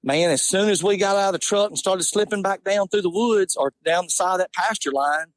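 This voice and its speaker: A man, telling an animated, laughing hunting story in casual talk. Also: high voice, a little fast, no room sound. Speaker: podcast guest.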